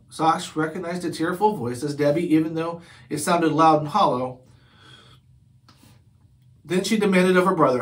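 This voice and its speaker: A man narrating a children's chapter book aloud in a steady storytelling manner. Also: fairly high pitch, fairly quick. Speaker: read-aloud host.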